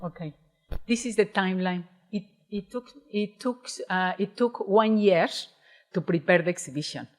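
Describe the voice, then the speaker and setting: A woman's voice: medium pitch, moderate pace. A woman from Mexico with a strong Mexican accent, giving a lecture in an auditorium and often restarting her sentences. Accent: Mexican Spanish. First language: Spanish. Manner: hesitant, many restarts and fillers. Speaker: guest speaker, independent curator. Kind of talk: lecture presentation.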